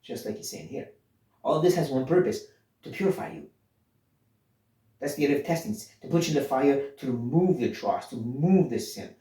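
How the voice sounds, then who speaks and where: Canadian guy preaching, blunt and earnest, mellow voice, echoey room. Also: mid-range voice, brisk. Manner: earnest, blunt, with frequent restarts and emphatic stresses. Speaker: Bible teacher. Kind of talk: sermon-style Bible teaching.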